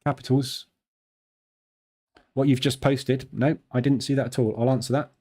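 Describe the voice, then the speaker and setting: A man's voice: medium pitch, fairly even intonation, moderate pace, dark tone, slightly rough. A middle-aged man with a southern English accent, hosting a live trading stream and chatting casually with viewers, joking and laughing easily. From southern England. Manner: chatty, jokey, laughs easily, answers viewers' questions aloud.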